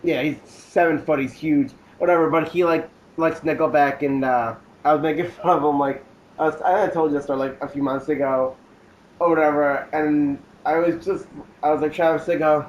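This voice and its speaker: A man's voice: fairly high pitch, fairly even intonation, normal speed, slight background noise, rough recording. A young man co-hosting a podcast, rambling in casual chat with lots of filler words and silly mock voices. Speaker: podcast co-host.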